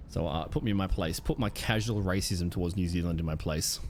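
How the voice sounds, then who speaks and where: A man's voice: sits low, brisk, few pauses, soft background music. A man chatting casually on a live stream, rambling with lots of ums and swearing. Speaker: Twitch streamer.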